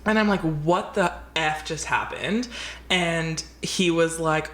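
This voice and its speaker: A woman co-hosting a podcast, telling a story in a casual, animated way, acting out quotes and swearing freely. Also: deep voice, unhurried. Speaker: podcast co-host. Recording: roomy echo.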